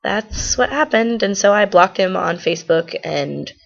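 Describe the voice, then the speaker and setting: Gravelly teen girl rambling to camera. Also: mid-range voice, lively intonation, measured pace, lo-fi sound. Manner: rambling, gossipy retelling. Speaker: vlogger. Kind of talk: casual storytelling to camera.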